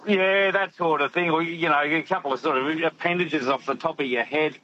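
A man's voice: fairly high pitch, brisk, pushed and bright, highs cut off. A man, calling in to a radio quiz and chatting casually, joking and rhyming as he laughs often. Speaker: caller.

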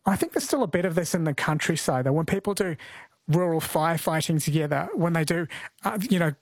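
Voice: mid-range voice, animated, brisk, no echo. A radio host chatting with a caller, conversational and thinking aloud as they go. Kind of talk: radio talk show interview.

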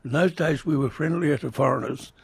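A man's voice: on the high side, brisk, gravelly, breathy edge, no room sound. An older man, recalling his childhood in an oral history interview with dry humour. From Indonesia. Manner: reflective, dry humour, some restarts.

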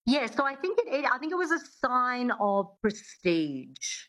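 A woman's voice: a little high, very animated, measured pace, fairly bright tone, rough recording. A woman working as an accent coach, explaining things in a chatty way with many fillers in a radio interview.

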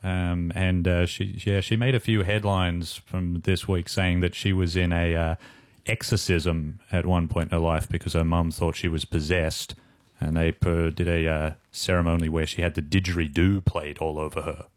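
A man's voice: sits low, level tone, moderate pace, dry recording. A man co-hosting a casual radio chat, wry and laid-back. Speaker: radio co-host.

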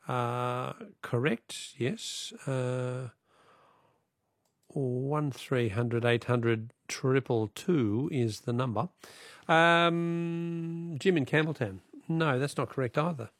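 An Australian man hosting a radio quiz, briskly reading out questions and counting off the ones left. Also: medium pitch, no echo, clean studio sound. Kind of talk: radio quiz and caller chat.

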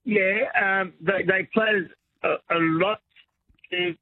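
A man's voice: high-pitched, fairly even intonation, slow pace, narrow, tinny audio, a little hiss or hum. A man calling in to a radio quiz, answering with hesitant talk and repeated words. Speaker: caller. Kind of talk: casual phone-in chat. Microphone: telephone.

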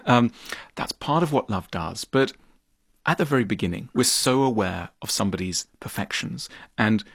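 A man being interviewed about his book, explaining his views with lively gestures of speech and acting out imagined exchanges. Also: fairly low pitch, normal speed, no echo, clean studio sound. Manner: animated, acts out imagined dialogue. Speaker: author. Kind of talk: interview conversation.

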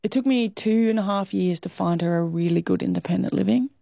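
A woman's voice: mid-range voice, vocal fry, dark tone, dry recording, studio quality. An Australian woman in her thirties, a guest talking candidly and emotionally in an interview. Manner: candid, emotional, quick to laugh. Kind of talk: interview conversation.

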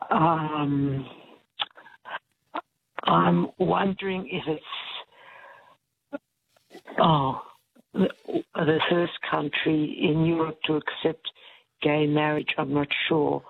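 A woman's voice: low voice, steady tone, very slow, creaky, pauses often. A woman calling in to a radio quiz, hesitant and self-deprecating about her answer. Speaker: caller. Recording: tinny phone line.

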